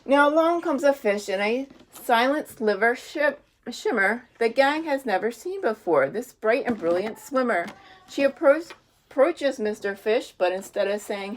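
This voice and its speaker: A woman teacher reading a children's rhyming story aloud in a rhythmic sing-song. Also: a little high.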